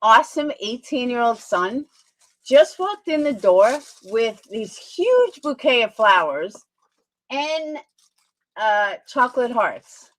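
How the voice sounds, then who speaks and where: A middle-aged woman livestreamer chatting casually and gushing over things in an animated way. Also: on the high side, takes it slowly.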